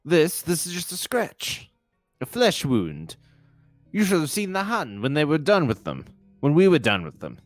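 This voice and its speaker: A man puts on a pompous, dotty old English army brigadier for a comedy adventure game. He blusters in a posh English accent and his pitch bounces widely. The recording is dry and close, with soft music behind. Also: huge pitch swings, moderate pace, no room sound. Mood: jolly. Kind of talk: game dialogue read aloud.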